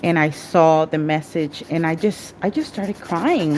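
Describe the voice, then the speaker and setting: A woman's voice: sits low, a little slow, few pauses, darkish tone, a little hiss or hum. A middle-aged woman telling a personal story in a candid, rambling way, full of restarts, as she talks through a nail tutorial. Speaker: nail artist and vlogger.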